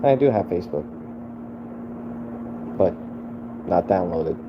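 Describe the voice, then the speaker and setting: A tired man chatting casually and profanely on a late-night livestream from his phone at home, with sudden loud, excited outbursts. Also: low-pitched, takes it slowly, highs cut off, background noise. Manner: loose, profane, laid-back talk with sudden loud excited bursts. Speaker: live streamer.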